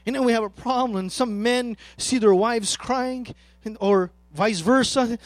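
A man preaching a sermon as pastor, emphatic and swinging between loud and soft. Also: very high voice, a little slow, dry recording.

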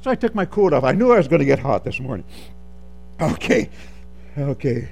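A man preaching a sermon, calling for amens and swinging between soft asides and loud, drawn-out lines. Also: medium pitch, gravelly, soft background music. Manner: animated, calls for amens, swings from soft to shouting.

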